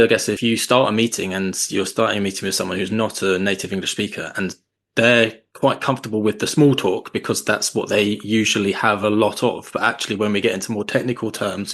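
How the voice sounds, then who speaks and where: A podcast host with a low, gravelly voice, speaking in a measured and appreciative way. He asks his guest questions and sums up their points. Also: fairly bright tone. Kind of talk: interview questions and reflections.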